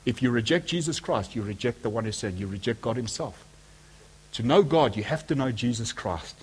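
Husky-voiced man preaching a sermon. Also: medium pitch, lively intonation, a little fast, darkish tone. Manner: emphatic, asks the audience rhetorical questions.

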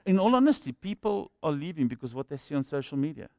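A pastor preaching a sermon in an animated, rhetorical way, with humorous asides. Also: male voice, on the high side, fast.

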